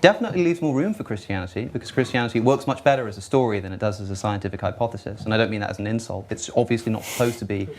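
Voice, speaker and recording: A man on a discussion panel who talks quickly and acts out little scenes in his arguments, often restarting and repeating words as he goes. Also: lowish voice, a little mellow, slight background noise. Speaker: atheist panelist.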